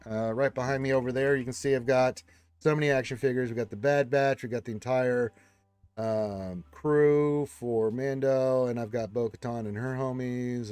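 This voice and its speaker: A man's voice: medium pitch, a little mellow, clean tone, no room sound. Man hosting a casual live stream. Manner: reads viewer comments aloud and chats back. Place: room with a wall of action figures.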